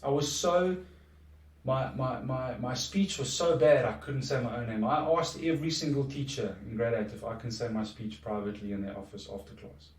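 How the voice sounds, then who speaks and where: A man's voice: mid-range voice, lively intonation, normal speed. A middle-aged man, a podcast guest talking in a reflective, earnest way with frequent restarts. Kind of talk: casual conversation. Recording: echoey room, distant from mic.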